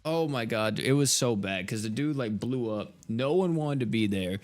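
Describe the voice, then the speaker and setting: A man's voice: medium pitch, expressive, moderate pace, a little mellow, soft background music. An American man in his twenties, a game streamer telling a story in casual chat, exasperated, swearing freely and laughing as he goes. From United States. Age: 20s.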